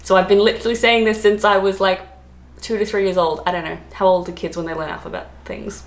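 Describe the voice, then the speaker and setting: A woman's voice: mid-range voice, steady tone, fast. Chatty Australian woman in an echoey room. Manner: chatty, self-deprecating, laughs often. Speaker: vlogger. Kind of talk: casual chat to camera.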